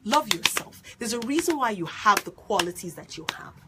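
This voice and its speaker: A woman life coach with a loud, strident voice and an unusual mixed accent, telling her story in an excitable, animated way during a live stream. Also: medium pitch, fairly quick, noisy background. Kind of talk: live-streamed motivational talk.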